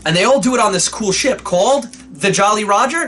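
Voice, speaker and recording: A man's voice: high-pitched, lively intonation, brisk, fairly bright tone. A man reviewing an old cartoon in a sarcastic, exasperated rant full of swearing. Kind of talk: ranting comedic review.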